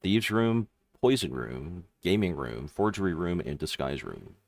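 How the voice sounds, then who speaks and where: A man narrating a tabletop game as game master, lively, with frequent fillers. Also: deep voice, measured pace, no room sound.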